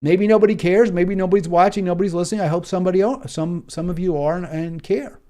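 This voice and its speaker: Fast and warm, this man's high voice carries an American accent as he hosts a solo political commentary show. He speaks in an impassioned way, with emphatic repetition, frequent fillers, and restarts.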